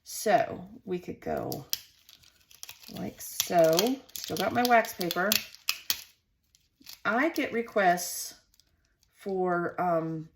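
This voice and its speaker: Slow, musing Southern woman crafting. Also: on the low side, background noise. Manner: chatty, musing to herself while arranging stickers. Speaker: scrapbooking host. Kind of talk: casual craft vlog, thinking aloud.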